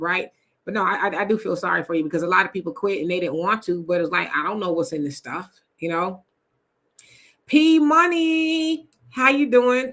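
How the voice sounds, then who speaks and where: A woman's voice: on the low side, sharp tone, breathy edge. A woman hosting a live stream, reading viewer comments aloud and answering them in a chatty, casual way. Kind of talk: casual livestream chat.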